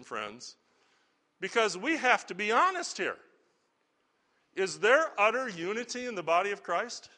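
A man's voice: high-pitched, sharp tone. A middle-aged man preaching a sermon as a pastor, earnest and conversational, asking the congregation rhetorical questions.

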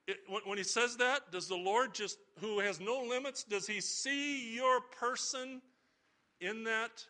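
A man's voice: high voice, bright, forceful tone. A middle-aged man preaching an Easter sermon, folksy and storytelling, rising to emphatic appeals. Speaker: pastor.

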